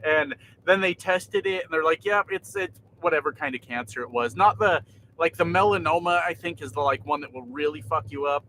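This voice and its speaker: Trucker, male, fairly high, bright voice, loose livestream chatter with lots of swearing and laughing. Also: a little fast, a little hiss or hum, poor audio. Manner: laid-back, swears often, laughs a lot. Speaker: trucker vlogger. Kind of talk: casual livestream chat. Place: inside a truck cab.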